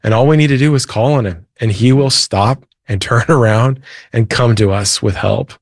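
A man's voice: medium pitch, moderate pace, dry recording, studio quality. A man, a Christian author and preacher, earnestly retelling a Bible story as a guest in an interview. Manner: earnest, retells scripture with quoted voices.

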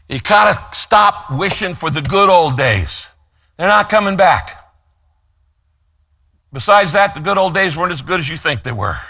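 A man preaching a sermon as pastor, emphatic, slowing down to stress key phrases and telling listeners what to write down. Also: on the high side, sharp tone. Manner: gives note-taking instructions to listeners.

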